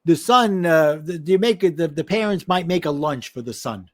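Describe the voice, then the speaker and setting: A man's voice: fairly high pitch, moderate pace. A middle-aged man, a life and business coach, telling a personal story in a podcast interview and acting out the voices of the people in it. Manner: animated, acts out quoted voices.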